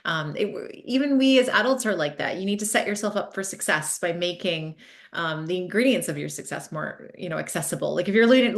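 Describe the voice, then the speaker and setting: A woman author being interviewed on a podcast, answering in a thoughtful, measured way with frequent ums. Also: lowish voice, a bit bright. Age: adult parent. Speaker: author guest.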